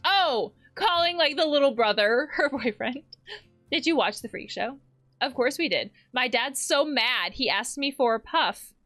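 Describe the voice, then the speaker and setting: Reading text messages aloud during a video game, this woman therapist has a high-pitched, fairly bright voice with lively intonation and a measured pace. In between the read-out lines she laughs, swears and jokes around.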